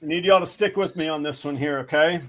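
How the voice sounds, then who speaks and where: A man hosting a live stream, telling a long rambling joke with lots of halting fillers. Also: on the high side. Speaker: show host.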